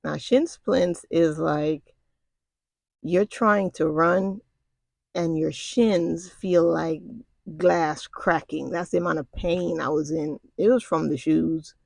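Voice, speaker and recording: A woman's voice: low-pitched, fairly even intonation, slow, gravelly, a little mellow, no room sound. A middle-aged woman casually recounting a personal story, talking in a conversational, colloquial way with frequent asides to the listener. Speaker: storyteller recounting military basic training.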